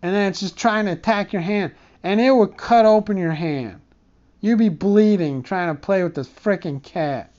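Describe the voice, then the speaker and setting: A man telling a rambling comic story, cursing often and wandering off topic, in a dark room. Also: high-pitched, moderate pace, lo-fi sound. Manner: rambling, profane, digressive. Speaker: comedic storyteller.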